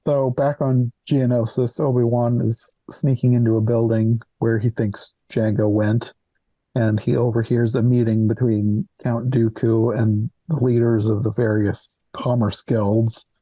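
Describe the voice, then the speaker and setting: A man hosting a movie podcast, recapping scenes in a relaxed way with dry chuckles. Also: mid-range voice, unhurried, no room sound. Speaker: podcast host.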